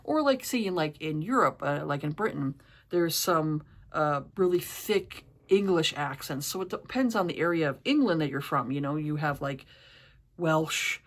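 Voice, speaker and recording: Low-pitched woman, casual rambling vlog chat full of fillers. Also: moderate pace. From East Coast of the US, New York area. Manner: rambling, many fillers like "you know" and "like". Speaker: book and TV reviewer.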